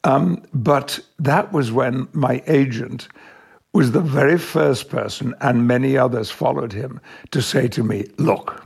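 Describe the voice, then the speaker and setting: Gravelly older Englishman telling stories. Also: medium pitch, a little mellow. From Yorkshire, England. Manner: measured, reflective anecdotes with frequent chuckles. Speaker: actor, interview guest. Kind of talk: interview storytelling.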